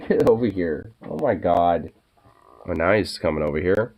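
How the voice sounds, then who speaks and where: Deep-voiced laid-back man. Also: animated, moderate pace, darkish tone. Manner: laid-back, swears casually, coos at his pets. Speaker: vlogger. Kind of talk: casual chat.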